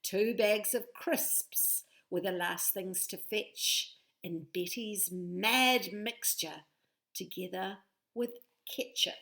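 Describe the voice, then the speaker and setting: A woman reads a picture book aloud to children in a playful way, inviting them to join in. She speaks slowly, with a gravelly edge in her voice. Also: medium pitch, a bit bright. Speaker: storyteller.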